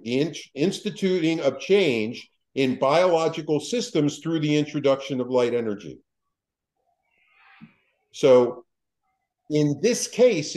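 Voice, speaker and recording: A man, a psychologist, telling a story as a podcast guest in a lively way, quoting people and restarting his sentences. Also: a little high, low-quality recording.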